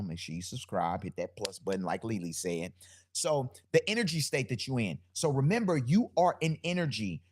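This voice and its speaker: A low-pitched man with a deep bass voice talks on his live podcast stream. He speaks in a loose, conversational way, giving spiritual motivational talk, repeating phrases and building on them. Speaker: podcast host.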